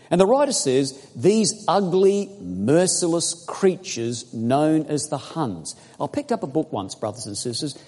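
A man's voice: mid-range voice, husky. Dramatic preacher man in an echoey hall. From outside the United States. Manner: emphatic, dramatic preaching with sudden loud and quiet turns. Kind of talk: sermon.

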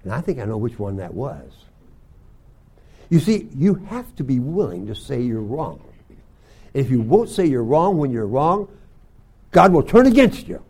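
An older man teaching a Bible school class, telling folksy stories and often clearing his throat. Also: mid-range voice, very animated, unhurried, pauses often, warm tone. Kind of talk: sermon to young students.

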